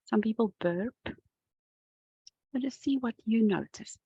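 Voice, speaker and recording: A woman leads a tapping session in a calm, unhurried way, her voice gravelly and a little husky. She speaks close to a dry-sounding mic with no room echo, stopping now and then to yawn or sigh as she relaxes. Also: fairly high pitch, muffled recording. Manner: gentle, calm, talks the viewer through each step. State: yawning and sighing as she relaxes. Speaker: EFT tapping coach. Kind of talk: guided tapping session to camera.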